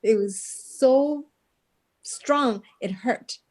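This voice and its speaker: A woman's voice: high-pitched, extremely slow, a little mellow. A woman from Guatemala, a guest telling a personal story in a casual interview, earnest and often laughing, with many restarts.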